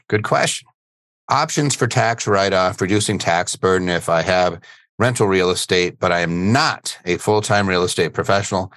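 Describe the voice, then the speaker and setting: The voice is low-pitched and a bit bright, belonging to a middle-aged man hosting a podcast in a studio, with no room sound. It's a laid-back live webinar chat where he jokes, laughs easily, and wanders off on tangents.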